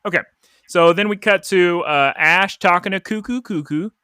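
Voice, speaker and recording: A man's voice: high-pitched, normal speed, sharp tone, smooth, no echo, clean studio sound. A man co-hosting a podcast, recapping an anime episode in rambling, jokey casual chat full of "like". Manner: rambling, jokey, lots of "like" fillers. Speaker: podcast co-host.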